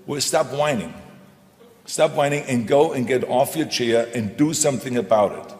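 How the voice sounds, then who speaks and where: A man's voice: mid-range voice, normal speed, a little mellow. A man speaking on a panel in an emphatic, repetitive, motivational way. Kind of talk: stage panel talk. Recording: reverberant hall.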